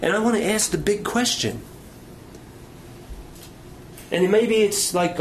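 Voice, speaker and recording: A man preaching a sermon with passion, swinging between strong emphasis and quiet, near-whispered lines. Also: high voice, very animated, a little hiss or hum. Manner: impassioned preaching with dramatic pauses and dropping to near whisper. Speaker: pastor.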